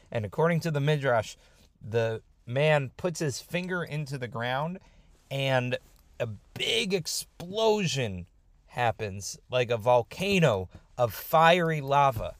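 This Torah storyteller speaks slowly in a mid-range voice with no room sound. He retells a scripture story in an informal, conversational, lively way.

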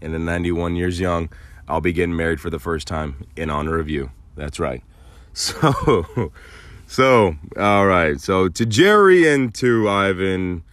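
Deep-voiced and measured, a podcast host rambles through a casual monologue of crude humor and animated stories, recorded with no room sound.

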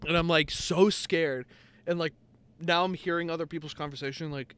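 A young man with a slightly higher voice rambles through a story on a podcast. He piles up fillers and curse words as he talks. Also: fairly even intonation, moderate pace, a bit bright, clean tone. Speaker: podcast co-host. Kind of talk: casual chat.

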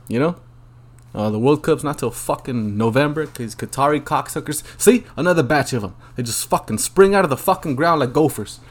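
A man's voice: mid-range voice, a bit bright. A man hosting a solo podcast, rambling through a profane, crude rant with lots of ums and asides. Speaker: podcast host.

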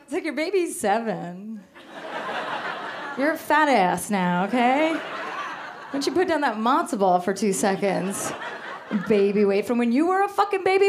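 A woman's voice: fairly high pitch, sing-song, moderate pace, slight background noise. A woman performing a stand-up comedy set, with brash, sarcastic, profane ranting. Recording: live club set with audience. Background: audience laughter.

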